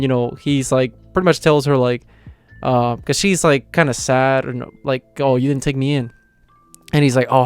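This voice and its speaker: A man's voice: mid-range voice, darkish tone, clean tone, dry recording. Chatty young man recapping an anime. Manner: rambling, retells scenes with quoted lines and filler words. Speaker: anime reaction channel host. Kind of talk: casual review recap.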